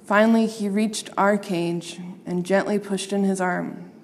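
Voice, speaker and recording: A woman reads a children's story aloud at a slow, unhurried pace. She plays up the sound words with relish. Her voice rings with a long reverb. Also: mid-range voice, a little hiss or hum. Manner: expressive, playing up sound words.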